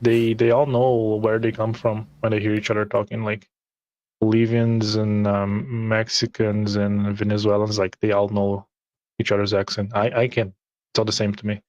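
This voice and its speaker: A man's voice: fairly low pitch, monotone, moderate pace, a little mellow, no echo, muffled recording. A man from Brazil chatting eagerly about role-playing games, often repeating words.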